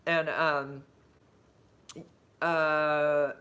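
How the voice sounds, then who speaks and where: A woman chatting on a casual livestream from her phone, rambling through stories with lots of fillers and answering viewer comments as they come in. She jumps into bright, gushing outbursts when she gets excited. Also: deep voice, extremely slow. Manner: rambling and chatty, full of fillers and side-tracks. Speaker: livestreaming vlogger and substitute teacher.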